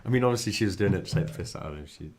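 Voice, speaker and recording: A young man co-hosting a podcast, soft-spoken and a bit mumbly in casual chat. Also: deep voice, expressive, rapid-fire. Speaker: podcast co-host.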